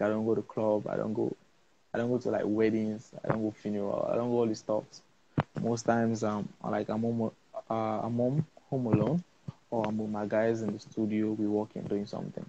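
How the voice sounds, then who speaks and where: A man's voice: lowish voice, dark tone, dull audio, a little hiss or hum. A young man with a Sierra Leonean accent, a film-maker talking casually and rambling in a live interview, full of fillers and restarts. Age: young adult. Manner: laid-back, rambling, many fillers and restarts. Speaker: interview guest, cinematographer.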